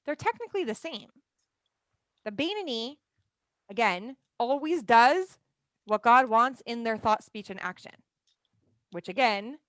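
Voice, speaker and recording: A woman's voice: a little high, fairly bright tone, no echo. Chatty woman teaching a class. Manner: chatty, often asks "right?" and leans on "like". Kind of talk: conversational class lecture.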